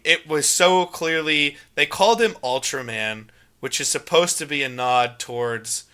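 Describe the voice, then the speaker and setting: A young man co-hosting a casual movie podcast, talking in long, emphatic, animated runs. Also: mid-range voice. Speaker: podcast co-host.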